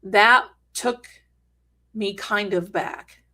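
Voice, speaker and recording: A woman's voice: medium pitch, extremely slow, sharp tone. A middle-aged woman hosting a live stream, telling a story in a chatty, dramatic way with jokey asides. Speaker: host.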